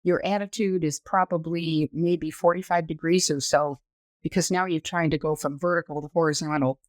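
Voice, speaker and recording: Measured woman in her sixties explaining. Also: low voice, fairly even intonation, dry recording. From United States. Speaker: former astronaut, podcast guest. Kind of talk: conversational storytelling interview.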